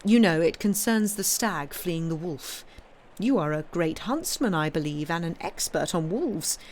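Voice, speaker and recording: A woman's voice: lowish voice, lively intonation, a little slow, darkish tone, a little hiss or hum. A woman reading aloud, voicing an aging king who is wry and commanding. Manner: imperious, teasing.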